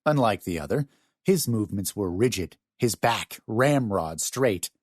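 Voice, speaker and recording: A male audiobook narrator with a lowish voice that rises and falls with lively storytelling. The recording is dry and close, with no room sound behind him. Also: a little slow, no room sound. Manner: expressive storytelling. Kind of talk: scripted narration.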